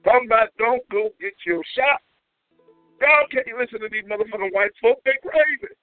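A man hosting a call-in comedy show, ranting loudly and profanely with whooping shouts, heard over a tinny phone line. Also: extremely high pitch, normal speed, no echo, soft background music. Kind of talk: comedic call-in radio rant.

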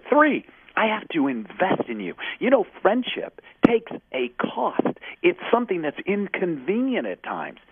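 With huge pitch swings and a measured pace, a high-sitting male voice delivers energetic motivational talk as an interview guest. He's passionate and emphatic, performing the dialogue of the people he describes. His husky voice is dry in the recording and carries over a tinny, phone-like line.

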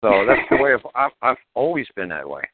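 A man's voice: medium pitch, big pitch swings, a little fast, a little hiss or hum. Brash man on a tinny phone line. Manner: brash, profane, laughing. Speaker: podcast guest. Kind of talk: casual storytelling.

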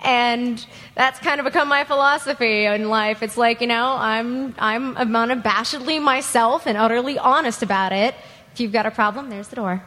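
A woman speaks openly and bluntly, breaking into giggles, her somewhat high voice carried through a convention panel room. A long reverb trails behind her words. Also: normal speed, pushed and bright. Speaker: audience member at a fan panel. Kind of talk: personal story told to a panel.

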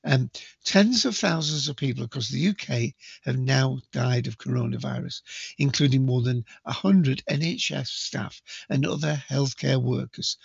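Man, podcast host, gravelly voice, dry close sound, dull lo-fi recording, stumbling casual news reading. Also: mid-range voice, dry recording. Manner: hesitant, many ums and restarts.

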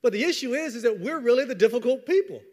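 High-voiced preacher in a reverberant hall. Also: male voice, quick pace. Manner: lively, conversational preaching with repetitions and asides. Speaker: pastor. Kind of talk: sermon.

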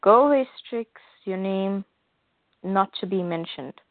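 A woman's voice: mid-range voice, slow, dry recording. Dazed warrior woman, read by a woman. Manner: plain read-aloud delivery. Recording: phone-like dry audio.

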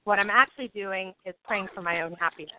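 A woman's voice: mid-range voice, quick pace, slight background noise. Woman teaching over a tinny call. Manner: animated, acts out inner monologues. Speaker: spiritual teacher leading a group call. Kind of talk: casual group teaching call. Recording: tinny phone-line audio.

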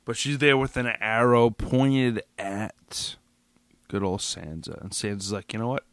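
A man's voice: fairly low pitch, slow, smooth, dry recording. A man hosting a podcast, reacting alone to a TV finale in an agitated, profane, rambling way with many restarts, a little tipsy. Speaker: podcast host. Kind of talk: solo episode reaction rant.

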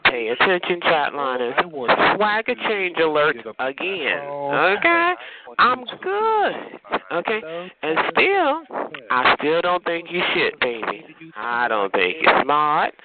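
A man's voice: fairly high pitch, very animated, slow, narrow, tinny audio, over a noisy crowd. A man hosting a phone chat line, roasting a caller in a sassy, theatrical way and calling everyone honey.

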